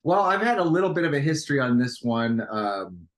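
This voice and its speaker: A man's voice: medium pitch, sing-song, brisk. Stammering middle-aged man chatting. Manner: rambling, stammering restarts. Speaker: podcast co-host. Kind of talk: casual chat.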